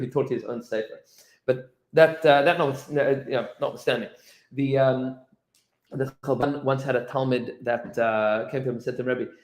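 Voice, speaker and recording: A rabbi gives an informal Torah class, his voice mid-pitched and lively as he tells the story. He stops and restarts often and fills gaps with "uh" and "like." The room carries a clear echo. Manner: animated storyteller, many fillers and restarts, acts out quotes.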